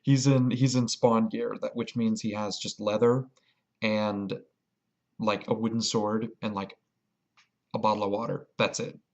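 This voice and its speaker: A man telling a rambling, excited story about a game in a casual vlog. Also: on the low side, a little slow, dull audio. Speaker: vlogger.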